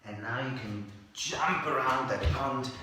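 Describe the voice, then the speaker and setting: A man guiding children through a playful yoga lesson, speaking slowly and gently. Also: medium pitch, a little hiss or hum. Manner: slow, gentle, playful instruction. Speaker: kids yoga teacher. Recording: echoey room from a distance.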